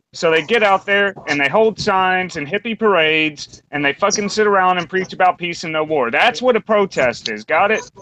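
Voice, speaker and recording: A man's voice: high-pitched, bright, forceful tone, a little hiss or hum, low-quality recording. A man hosting a podcast round table, delivering a blunt, combative rant full of swearing. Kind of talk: profane opinion rant.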